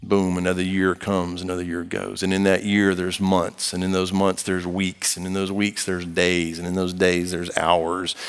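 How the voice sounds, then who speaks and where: A man's voice: deep voice, completely flat delivery, normal speed, few pauses, smooth, long reverb tail. A man preaching a sermon and reading scripture aloud, talking to the congregation in an emphatic, conversational way with playful acted-out asides. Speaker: pastor.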